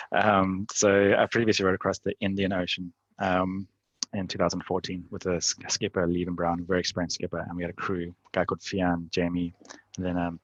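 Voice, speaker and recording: A deep-voiced man speaks quickly in a dry, close recording. He tells his stories in a loose, chatty way, laughing now and then as a guest on an interview show. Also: fairly bright tone, dry recording, highs cut off. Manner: laughs often while recounting stories; loose, chatty phrasing full of "like". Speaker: guest, endurance athlete. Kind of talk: casual interview storytelling.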